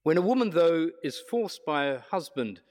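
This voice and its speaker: A man preaching a reflective sermon, measured, slowing down for emphasis. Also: on the high side, sing-song, darkish tone. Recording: long hall reverb.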